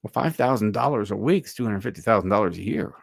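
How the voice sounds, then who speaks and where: A man's voice: fairly low pitch, expressive, fast talker, creaky, breathy edge, dry recording, studio quality. A man hosting a livestream, giving opinionated commentary in a loose, musing way. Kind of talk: casual commentary.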